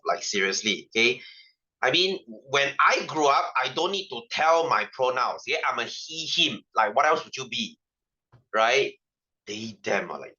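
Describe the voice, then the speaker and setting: A young man with a Malaysian English accent runs a casual science class, chatty and full of jokes. His voice is bright with a forceful edge, and the recording sounds a little muffled and lo-fi. He keeps checking in with the class through quick "right?" asides. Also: medium pitch, sing-song. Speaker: science tutor. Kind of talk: casual online science lesson.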